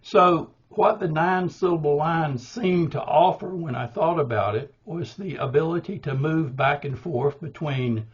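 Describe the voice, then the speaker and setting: An older man teaching a poetry workshop, explaining meter in a deliberate way with small restarts. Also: on the high side, husky. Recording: dull, muffled recording.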